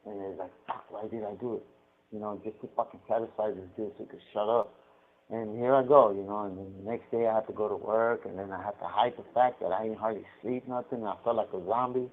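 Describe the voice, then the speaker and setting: Man, low voice, profane rambling talk, tinny prison phone line. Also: fairly even intonation, brisk. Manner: profane, rambling, frequent restarts. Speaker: inmate on a prison phone call. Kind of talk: casual storytelling on a phone call. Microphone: prison payphone handset.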